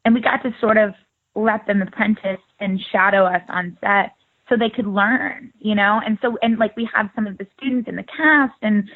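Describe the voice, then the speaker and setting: Young woman, actress guest, chatty and upbeat, tinny phone line. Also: mid-range voice. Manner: chatty, upbeat, laughs easily. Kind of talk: casual interview.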